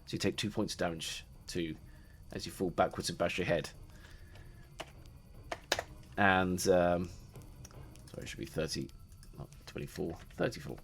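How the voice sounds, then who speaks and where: Low-voiced man running a tabletop game. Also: normal speed, long pauses, slight background noise. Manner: loose, hesitant narration, often laughing. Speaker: game master.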